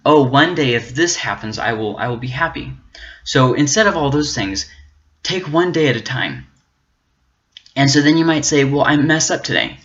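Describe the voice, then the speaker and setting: A man speaks at an ordinary middle pitch, earnest and encouraging, as he delivers a faith-based motivational talk. He often stumbles, restarts and repeats words. The recording sounds dull and slightly muffled. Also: animated, moderate pace, fairly bright tone. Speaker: self-help channel host.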